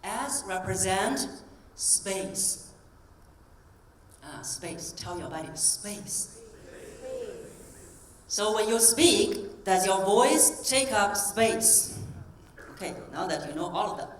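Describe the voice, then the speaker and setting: A woman voice coach giving a live stage talk, coaching the audience through breathing exercises in a clear, encouraging tone. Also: medium pitch, animated, measured pace. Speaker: voice coach and keynote speaker. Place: convention hall stage. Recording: roomy hall sound from a distance.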